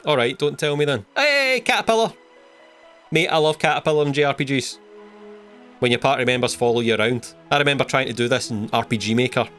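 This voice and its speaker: A man's voice: medium pitch, fairly bright tone. Give me a chatty Scottish man joking through a game, faint music behind. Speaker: gaming video host. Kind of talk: let's play commentary.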